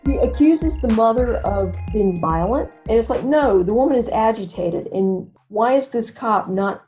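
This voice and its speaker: A woman's voice: a little high, moderate pace, muffled recording, faint music behind. A woman hosting a podcast conversation, retelling events at length and acting out the quoted voices as she goes. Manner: animated storytelling, acts out quoted voices. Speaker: podcast host. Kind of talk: casual conversation.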